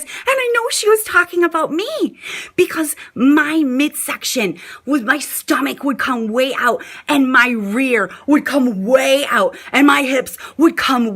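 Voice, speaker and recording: A middle-aged woman talks straight to her viewers over a phone or webcam, chatty and gushing. Her voice is bright and forward, and it swoops widely up and down. She keeps turning back to her audience as "you guys". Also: high voice, husky. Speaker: vlogger on a live stream. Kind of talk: casual live-stream talk to viewers.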